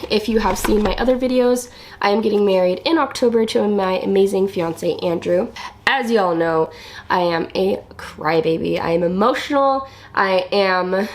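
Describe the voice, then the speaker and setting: A young woman getting over a cold, chatting casually through a makeup vlog with a cough drop in her mouth, full of "um" and "like". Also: a little high. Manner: chatty, lots of "um" and "like". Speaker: beauty vlogger. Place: small temporary filming room indoors.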